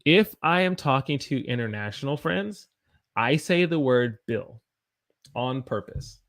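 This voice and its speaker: A Southern US–accented man with a medium, a-bit-bright voice and lively intonation runs a pronunciation lesson with viewer chat. He moves slowly, repeating example words again and again.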